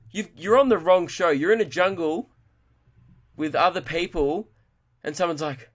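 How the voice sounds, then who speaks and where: A young man rants his way through a comedy podcast, exasperated and sweary. His voice sits a little high for a man, and he breaks into quick mimicry of the people he mocks. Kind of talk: ranting comedy podcast monologue.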